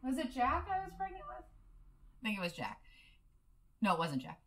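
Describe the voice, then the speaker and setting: A woman in her thirties, chatting casually as a podcast co-host, explaining facts and telling lively stories. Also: high voice, moderate pace. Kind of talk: casual chat.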